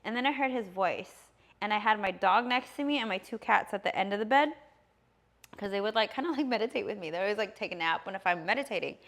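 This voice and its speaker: A woman's voice: medium pitch, expressive, quick pace, fairly bright tone. A woman in her thirties telling a personal story on a casual podcast, rambling along with lots of fillers and easy laughter. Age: 30s.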